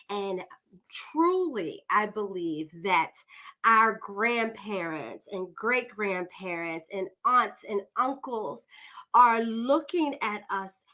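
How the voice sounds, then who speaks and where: A woman's voice: fairly high pitch, bright, forceful tone. A woman hosting a podcast, introducing her guest in a chatty, digressive way, often calling listeners "y'all.". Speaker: podcast host.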